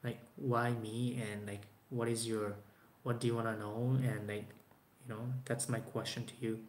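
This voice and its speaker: Mid-range, flat, and at a normal pace, this Japanese vlogger in his 20s, whose first language is Japanese, talks to camera responding to viewers' questions. His speech wanders, full of fillers and false starts, in a room with noticeable echo and faint background noise.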